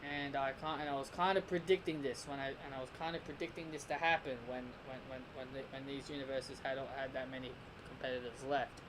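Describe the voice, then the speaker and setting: A man's voice: mid-range voice, flat delivery, a little fast, hardly any pauses, a bit bright, a little hiss or hum, poor audio. A man casually reviewing a cartoon episode, rambling and restarting his sentences. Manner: rambling, with many restarts and repeated "and".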